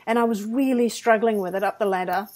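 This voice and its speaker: This podcast co-host talks fast in a medium-pitched voice, trading personal stories in relaxed conversation. Her anecdotes are lively, full of acted-out quotes and self-deprecating laughs.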